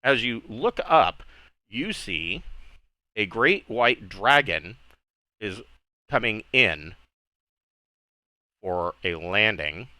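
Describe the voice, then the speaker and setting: A man's voice: lowish voice, big pitch swings, drawn-out words, pauses often, sharp tone, low-quality recording. A man narrating a tabletop role-playing session as dungeon master, describing scenes in a casual, descriptive way with frequent restarts.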